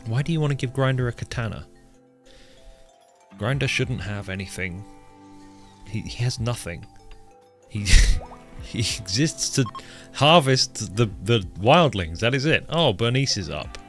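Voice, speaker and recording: A man's voice: medium pitch, expressive, measured pace, pauses often, a bit bright, soft background music. A man giving live commentary while playing a colony game, chatty and joking, talking to his in-game characters as he goes. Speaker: game streamer.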